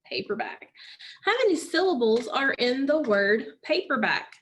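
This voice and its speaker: A woman's voice: sits high, expressive, a bit bright. A woman teaching a phonics lesson, patiently asking questions and answering them herself. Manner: slow, patient, asks and answers own questions.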